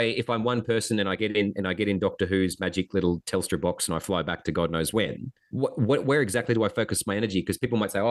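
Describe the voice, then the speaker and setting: A man in casual conversation, telling history anecdotes with wry humor and chatty asides. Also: fairly low pitch. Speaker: podcast guest.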